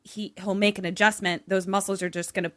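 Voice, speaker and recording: A young woman chats loosely on a podcast, full of fillers and quick laughs. Her voice sits at a middle pitch and comes through close and dry, with no room around it. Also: flat delivery, no echo. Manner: chatty, laughing, frequent "like" fillers. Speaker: podcast co-host. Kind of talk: casual chat.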